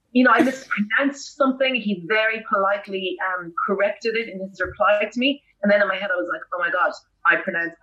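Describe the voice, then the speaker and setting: A woman with an Irish accent, an entertainment interviewer telling rambling, animated stories in casual chat. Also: mid-range voice, highs cut off. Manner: animated, rambling storytelling with fillers. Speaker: podcast guest, entertainment interviewer.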